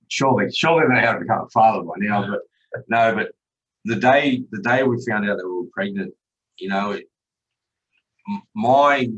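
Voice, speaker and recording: Low-voiced blunt man. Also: a bit bright, far from the mic, rough recording. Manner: blunt, swears freely. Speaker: podcast guest, chef and father. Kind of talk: candid conversational storytelling.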